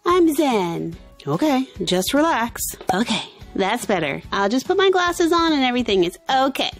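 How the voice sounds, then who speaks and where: A woman voicing a moody teenage girl with an inner red panda in toy pretend play, swinging between whiny outbursts and forced calm. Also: a little high, moderate pace, faint music behind.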